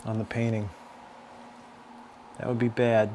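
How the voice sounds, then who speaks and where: A man hosting a live art stream, explaining his work in a halting, rambling way with lots of restarts. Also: lowish voice, level tone, a little mellow, a little hiss or hum. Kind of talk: casual live-stream chat while working.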